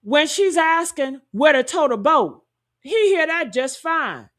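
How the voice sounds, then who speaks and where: A woman talks through a true-crime story in a high voice at an unhurried pace. She leans on rhetorical questions and speaks to her audience as honey and y'all. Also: sing-song, fairly bright tone. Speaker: commentary host. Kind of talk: true-crime commentary to viewers.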